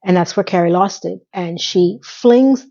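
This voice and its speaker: A woman's voice: fairly low pitch, a little slow, creaky, dark tone. Woman retelling a show at home, fighting tears, lots of ums, kinda dull mic. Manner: emotional, holding back tears while retelling scenes; chatty, with fillers and self-interruptions. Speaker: recap podcast host. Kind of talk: casual episode recap.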